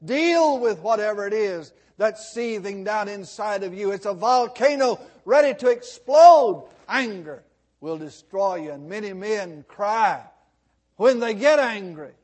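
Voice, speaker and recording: A man preaching a sermon as pastor, slow and dramatic, his voice swelling loud and then dropping almost to a hush. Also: sits high, animated.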